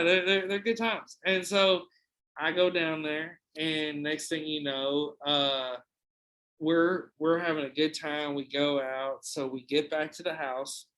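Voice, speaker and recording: Fairly high-voiced young man telling a wild story. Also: fairly bright tone, low-quality recording. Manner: profane, rambling anecdote with many restarts. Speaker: podcast host. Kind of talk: casual storytelling.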